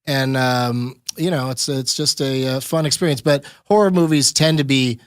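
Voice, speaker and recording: A man hosting a casual podcast, relaxed and laughing often, with plenty of fillers. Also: medium pitch, moderate pace, no echo, studio quality. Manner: laid-back, laughs often, lots of fillers. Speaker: comedian and podcast host.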